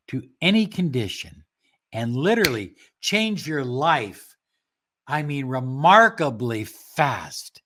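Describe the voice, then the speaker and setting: A man teaching a self-help practice, speaking slowly and emphatically and dropping some words to a soft whisper. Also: medium pitch. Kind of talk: motivational talk to camera.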